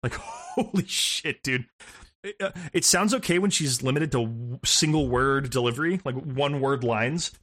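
Bright-voiced rambling man on a gaming podcast. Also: medium pitch, moderate pace. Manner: rambling, laughing, profane. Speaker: podcast co-host. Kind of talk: casual gaming podcast chat.

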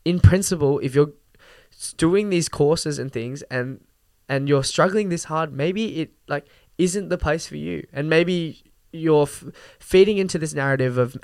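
A young man hosts a podcast and rants casually, full of fillers, laughs and the odd swear word. His voice sits a little high and sounds smooth and clear. The recording is dry and close, with no room sound. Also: a little slow, a little mellow, dry recording. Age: young adult. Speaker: podcast host. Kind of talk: casual rant.

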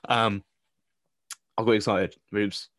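Joking British man with a low voice. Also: steady tone, takes it slowly, a bit bright, no echo, clean studio sound. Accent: British English. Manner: jokey storytelling, puts on voices for quotes. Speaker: podcast co-host. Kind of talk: casual chat.

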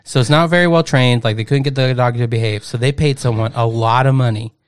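Young man, casual podcast co-host, rambling storyteller, mid-pitched voice, keeps saying no joke. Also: fast talker, smooth. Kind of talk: casual chat.

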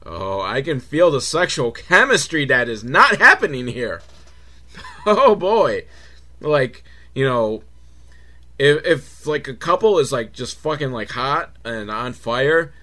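Lively, bright-voiced sarcastic man. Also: high-pitched. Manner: sarcastic, profane, with laughing asides. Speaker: host. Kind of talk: comedic film recap.

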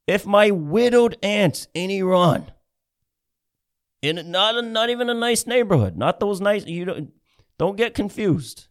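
Profane ranting comedian, highish voice. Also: male voice, animated, unhurried. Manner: ranting, sarcastic, swears heavily. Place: Ontario, Canada.

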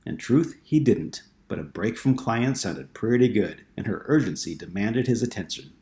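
A man reads a novel aloud in a steady, measured storytelling voice. His voice sits on the low side. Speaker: narrator. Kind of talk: audiobook narration.

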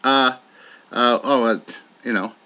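A man's voice: medium pitch, steady tone, takes it slowly, sharp tone, slight background noise. A man co-hosting a podcast, chatting casually in a goofy, crude, playful way. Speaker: podcast co-host. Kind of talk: casual chat.

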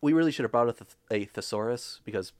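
A man's voice: medium pitch, fast talker. A young man hosting a casual movie podcast, talking enthusiastically and swearing freely. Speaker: podcast host. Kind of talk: casual chat.

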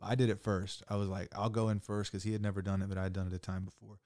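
Young guy podcast guest, talks loose and swears, lots of "like", low-ish voice, dry mic. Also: racing, dry recording. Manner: animated, swears a lot, says "like" often. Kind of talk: casual storytelling chat.

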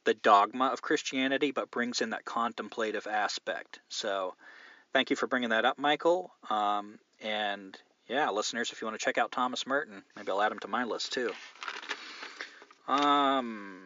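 A man's voice: medium pitch, lively intonation, normal speed, pushed and bright, dry recording, dull audio. A man hosting a podcast, chatting candidly in a loose, rambling way and swearing now and then. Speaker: podcast host. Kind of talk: casual chat, reading listener mail.

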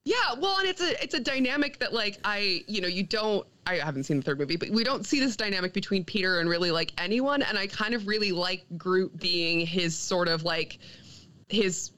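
A woman co-hosting a comic book podcast, retelling a story in an animated, profane, casual way with many fillers. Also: medium pitch, moderate pace. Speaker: podcast co-host.

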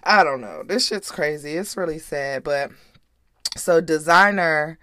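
A woman's voice: low voice, measured pace, sharp tone, dry recording, clean studio sound. Blunt, profane woman podcast host. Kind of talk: casual commentary.

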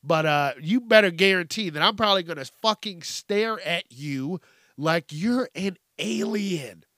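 A man's voice: high-pitched, a little slow, no room sound, studio quality. A man hosting a podcast, ranting casually and profanely, acting out other people's voices. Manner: profane, animated, acts out voices. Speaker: podcast host. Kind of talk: casual comedic rant.

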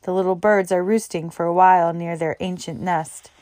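A woman's voice: on the low side, fairly even intonation, normal speed, darkish tone, no echo, studio quality, natural voice. A woman voicing a cheerful, jovial middle-aged male doctor who teases and jokes in a hearty way. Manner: hearty, teasing.

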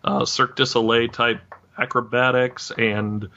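Man, podcast host, casual rambling chat, bright forceful tone, dull lo-fi audio. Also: medium pitch, measured pace. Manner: animated, rambling with fillers and laughs.

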